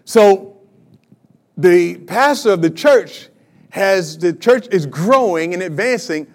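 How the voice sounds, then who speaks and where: A preacher in his fifties delivers his sermon with lively energy. His voice sits high for a man. He keeps drawing the congregation in with questions. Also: slow pace. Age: 50s. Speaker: pastor.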